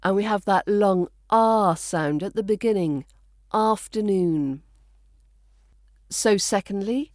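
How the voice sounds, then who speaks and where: A woman with a British RP accent teaching pronunciation, speaking slowly and clearly and repeating each word for practice. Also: medium pitch, expressive, a little mellow, no echo, clean studio sound. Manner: slow, carefully enunciated, repeats words for practice. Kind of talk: scripted accent lesson.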